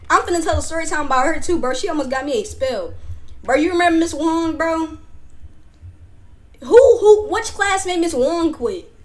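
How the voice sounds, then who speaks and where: High-voiced young woman telling a story. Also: a little fast. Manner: animated, loose and slangy, addresses chat directly. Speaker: streamer telling a school story. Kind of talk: casual storytime chat with viewers.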